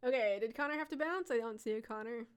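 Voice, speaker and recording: A woman's voice: a little high, fast talker, smooth. A woman hosting a live stream, reading viewers' character stories aloud and chatting with them, laughing often. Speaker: live-stream storyteller host.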